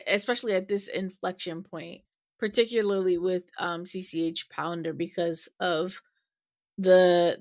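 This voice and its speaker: A woman co-hosting a podcast, asking questions in a thoughtful, halting way with many pauses. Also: on the low side, gravelly, fairly bright tone, dry recording, clean studio sound. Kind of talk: casual interview discussion.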